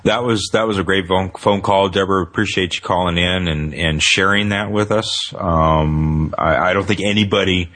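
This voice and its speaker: Deep-voiced male radio co-host. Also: steady tone, normal speed, few pauses, fairly bright tone. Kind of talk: radio talk show.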